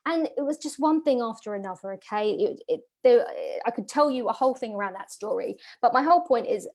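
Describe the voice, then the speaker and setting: A woman's voice: a little high, lively intonation, a little fast, darkish tone. A woman, telling a personal story to an audience as a business coach, emotional and full of fillers and repeats. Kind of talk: personal story in a masterclass talk.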